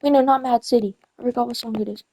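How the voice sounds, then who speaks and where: A woman's voice: on the high side, fairly even intonation, fast talker, warm tone, low-quality recording. A young woman chatting casually while gaming, rambling through a story and often correcting herself and losing her place. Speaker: gamer retelling a story.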